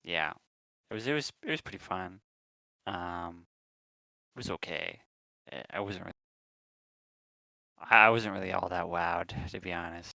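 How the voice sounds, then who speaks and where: A man's voice: sits low, unhurried, vocal fry, long pauses, bright, forceful tone, no echo, low-quality recording. A man co-hosting a podcast, chatting casually and rambling with lots of ums and restarts. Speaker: podcast co-host. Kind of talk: casual chat.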